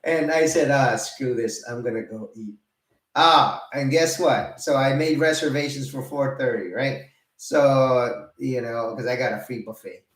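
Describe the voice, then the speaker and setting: A man's voice: medium pitch, measured pace. Man in his fifties telling stories in a roomy space. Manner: animated, laughing, cursing, acting out both sides of arguments. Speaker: retired vlogger. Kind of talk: casual storytelling. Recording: roomy, mic set at a distance.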